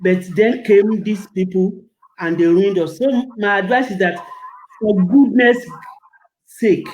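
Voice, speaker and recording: High-voiced, impassioned older man. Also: slow, rough recording. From Nigeria. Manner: emotional, repeats words when stirred. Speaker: guest. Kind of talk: impassioned interview answer.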